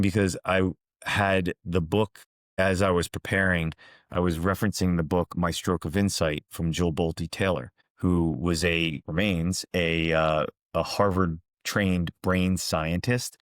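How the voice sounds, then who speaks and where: A man hosting a reflective monologue, calmly and earnestly recounting parables. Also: low voice, dry recording, clean studio sound. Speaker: host, executive coach.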